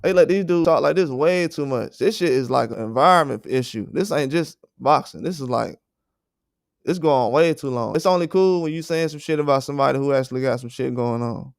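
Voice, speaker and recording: A man's voice: mid-range voice, fairly quick, creaky, no room sound. Male livestream host, fired-up and profane, clean resonant tone with a dry close sound. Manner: blunt, profane, indignant. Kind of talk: heated livestream rant.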